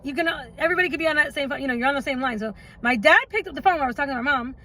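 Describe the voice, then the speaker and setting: A woman's voice: sits high, racing, pushed and bright, low-quality recording. A woman telling her own life story in a casual storytime vlog, chatty and rambling, often stopping for asides and laughs.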